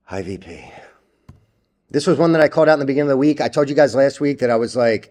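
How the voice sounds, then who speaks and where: A man's voice: mid-range voice, lively intonation, fairly quick, darkish tone. Blunt, profane stock-trading vlogger man. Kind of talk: casual ranting commentary.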